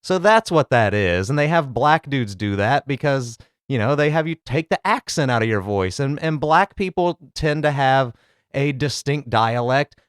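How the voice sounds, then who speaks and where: A man's voice: medium pitch, lively intonation, normal speed, smooth, dry recording, studio quality. A man hosting a comedy commentary show, rambling casually and crudely about clips. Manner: rambling, crude, laid-back.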